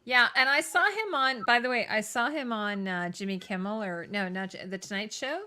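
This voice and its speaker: A chatty woman co-hosting a casual livestream, breaking off into asides and correcting herself as she goes. Her voice is bright and forward. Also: medium pitch, normal speed. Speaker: podcast co-host. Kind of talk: casual chat.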